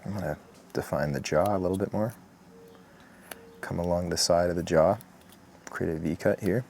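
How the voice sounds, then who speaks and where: Deep-voiced man teaching woodcarving. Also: normal speed, creaky, slight background noise. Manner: relaxed, chatty, with asides. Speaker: woodcarving instructor. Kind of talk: step-by-step tutorial narration. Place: outdoors in the morning.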